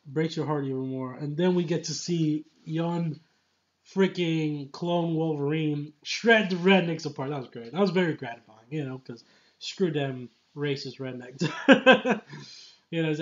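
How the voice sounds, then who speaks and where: A man rambles through a casual film review, getting excited and emotional and leaning hard on "like" and "you know." His voice sits a touch high for a man. The recording is muffled and lo-fi. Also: unhurried. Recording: dull lo-fi recording.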